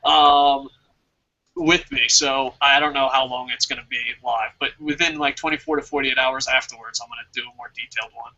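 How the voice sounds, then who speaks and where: A man's voice: medium pitch, steady tone, moderate pace, bright, forceful tone, lo-fi sound. A man hosting a casual wrestling talk show, rambling, swearing and laughing often. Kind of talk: casual podcast chat.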